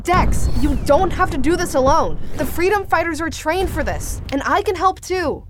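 A woman voicing River, a loyal, helpful female sidekick who gently urges the hero to accept help. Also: very high voice, lively intonation, moderate pace, a little hiss or hum. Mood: earnest. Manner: earnest, gently persuasive.

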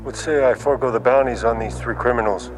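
A man plays a terse armored bounty hunter with a low, guarded delivery. It comes from a film clip with a clear music score underneath. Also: fast, natural voice, rough recording.

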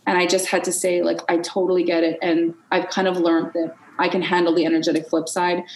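A woman's voice: lowish voice, brisk, a little hiss or hum. Candid woman in a roomy-sounding space. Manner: candid and expressive, swears freely, acts out her inner voices. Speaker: podcast guest. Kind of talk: unscripted podcast conversation.

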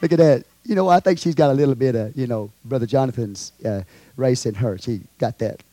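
A man with a Texan accent preaching a sermon to his congregation, swinging from quiet asides to loud shouted lines. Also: medium pitch, fairly quick. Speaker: pastor. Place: church.

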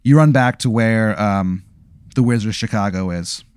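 A man's voice: fairly low pitch, normal speed, darkish tone, clear, resonant tone, no room sound, clean studio sound. Man narrating a tabletop game, full of fillers. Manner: rambling with many fillers, relishes gory detail. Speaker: game master.

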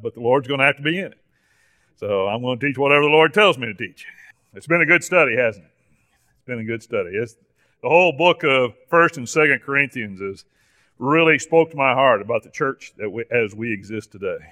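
A man's voice: medium pitch, animated, brisk, sharp tone. A man teaching a Bible class at church in a folksy, teasing way, recorded in the church hall. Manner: folksy, playful sarcasm with the class.

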